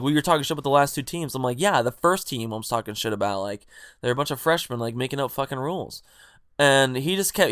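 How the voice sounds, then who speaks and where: Speaking in a smooth mid-range voice, a young man vlogs a casual storytime, profanely rambling through an animated account of an argument at a party and quoting each side's lines. The recording is dry and of studio quality.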